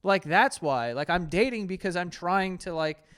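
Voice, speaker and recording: Man, 30s, host reacting to dating tips, crude joker, clear tone. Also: high voice, expressive, moderate pace, fairly bright tone. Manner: loose, crude, joking, laughs often, mock voices. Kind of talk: casual reaction commentary.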